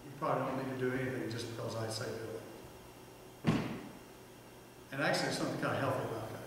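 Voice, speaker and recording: A man in a big church hall tells a funny personal story and keeps turning to ask the crowd questions. His voice sits at an ordinary middle pitch and carries a long, ringing echo. He is heard from across the room over a steady hum of background noise. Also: quick pace, recorded from a distance. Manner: humorous, anecdotal, addresses the audience directly. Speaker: church speaker.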